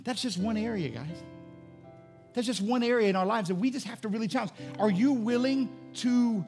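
A man's voice: high voice, fast, faint music behind. A man preaching a sermon as pastor, rising into emphatic bursts.

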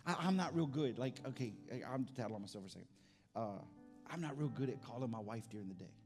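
A middle-aged pastor delivers a sermon in a loose, chatty style, talking fast and animatedly while he stumbles and restarts. His pitch is typical for a man, and soft music plays faintly beneath him.

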